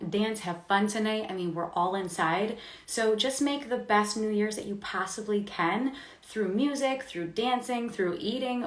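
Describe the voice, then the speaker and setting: A woman's voice: medium pitch, fairly bright tone, reverberant. Chatty woman hosting a live stream. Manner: upbeat, chatty, laughs often. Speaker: host.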